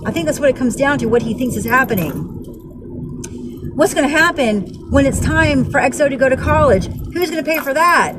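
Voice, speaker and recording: A woman in her forties vents to her vlog audience in a high, bright voice. She talks bluntly and gets heated, then drops into weary sighs. Traffic noise and vehicle hum carry clearly behind her. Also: animated, brisk. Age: 40s. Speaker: vlogger. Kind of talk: casual vlog storytelling.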